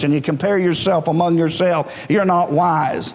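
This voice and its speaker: A man's voice: on the high side, steady tone, moderate pace, hardly any pauses, a little mellow, big-room sound. A man, preaching a fervent sermon as pastor to a congregation. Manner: fervent, preaching in a rising call-and-response style. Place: church sanctuary.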